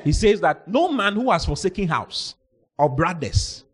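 A male pastor preaching a lively sermon, reading scripture and acting out the people in it, sometimes shouting. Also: high voice, normal speed, slightly rough. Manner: animated, shouting out and acting out Bible characters.

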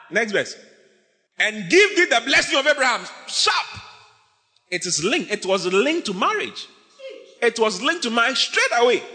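A man preaching from the pulpit, his pitch leaping up and down as he shouts and jokes. His tone is bright and ringing, and a long reverb trails every phrase in the big church hall. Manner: animated, emphatic, often shouting and laughing. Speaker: pastor. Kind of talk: sermon.

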